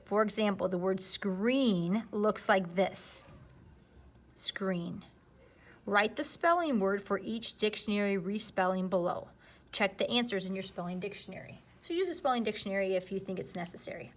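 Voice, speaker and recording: Patient woman teaching a spelling lesson. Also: mid-range voice. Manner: slow, patient, explaining step by step.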